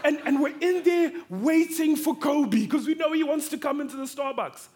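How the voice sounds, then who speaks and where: A man from Africa preaching a sermon through a personal story, animated and swinging between hushed tones and excited shouting. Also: very high-pitched, normal speed.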